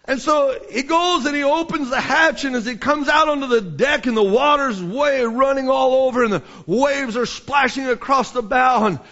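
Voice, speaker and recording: Preacher, high bright voice, swooping delivery, lo-fi sermon tape. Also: male voice. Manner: impassioned, rising to shouts, many restarts. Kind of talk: sermon storytelling. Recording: dull lo-fi sermon recording.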